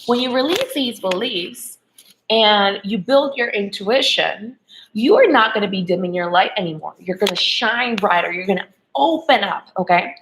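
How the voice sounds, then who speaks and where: A woman's voice: medium pitch, expressive, normal speed, a bit bright, slight background noise, rough recording. A woman love coach giving a motivational spiritual talk to women, checking in with "okay?" and "right?" as she goes.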